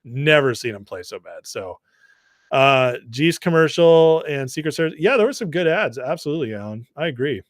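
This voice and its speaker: A man with a deep voice hosting a livestream, chatting loosely and reading viewer comments. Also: big pitch swings, normal speed, no room sound, studio quality. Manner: chatty, laughs often, many fillers and restarts. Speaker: livestream host.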